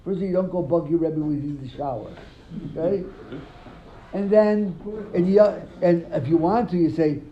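Male Talmud teacher, slightly high voice, lively classroom retelling with repeated words, dull lo-fi recording. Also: normal speed. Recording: dull lo-fi sound, faint room ambience.

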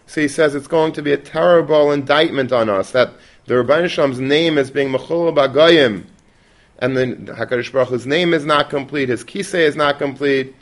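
A man's voice: mid-range voice, brisk. A man teaching a Torah class in a conversational way, dropping Yiddish and Hebrew terms and restarting often.

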